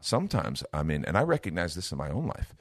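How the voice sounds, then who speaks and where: A man's voice: low-pitched, sing-song, quick pace, no room sound, clean studio sound. A middle-aged man, a minister, teaching from the Bible in an earnest, conversational way. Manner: earnest, lifts his voice to act out everyday speech.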